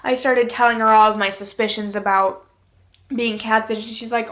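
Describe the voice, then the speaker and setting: A woman's voice: fairly high pitch, fairly even intonation, normal speed, fairly bright tone. Candid, exasperated woman vlogger. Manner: candid, exasperated storytelling with blunt swearing. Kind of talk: casual story time.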